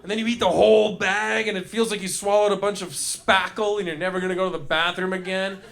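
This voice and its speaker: A man's voice: sits high, steady tone, quick pace, creaky, a bit bright. A man doing live stand-up in a comedy club, rambling and riffing with the crowd, acting out little voices in his bits. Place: comedy club stage before a laughing crowd.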